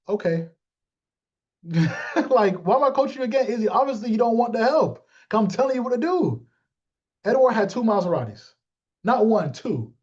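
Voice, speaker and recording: A man's voice: very high-pitched, sing-song, moderate pace, long pauses, dull audio. A man coaching his sales team in a live motivational talk, blunt and joking, calling on listeners by name and acting out little exchanges.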